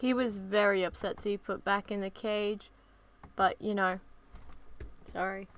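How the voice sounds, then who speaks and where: A woman chatting casually and cooing softly to her pet bird while she draws. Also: medium pitch, fairly even intonation, a little slow, low-quality recording. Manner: soft, cooing pet talk. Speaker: vlogger. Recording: loud background noise.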